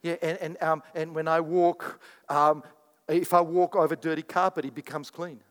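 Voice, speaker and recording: A man preaching a sermon as pastor, animated and repetitive, telling stories to his church. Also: fairly high pitch, moderate pace, big-room sound. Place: church sanctuary.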